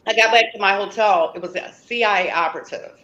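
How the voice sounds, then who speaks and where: A woman's voice: medium pitch, fast, bright, forceful tone, dull audio. A woman interview guest telling a personal story emphatically, acting out what people said to her. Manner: emphatic, acts out quoted dialogue.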